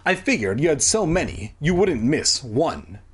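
A man playing a cocky young boy who loves pranks and talks in a teasing way. The voice sits slightly high and bounces with lively pitch. A light huskiness runs through this storybook role. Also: measured pace, breathy edge, full character voice. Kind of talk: comedic audiobook reading.

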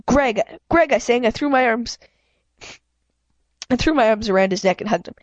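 A woman's voice: fairly high pitch, no echo, muffled recording. A woman reading a children's novel aloud in first person, often stumbling and correcting herself. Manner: halting, frequent self-corrections. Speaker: reader.

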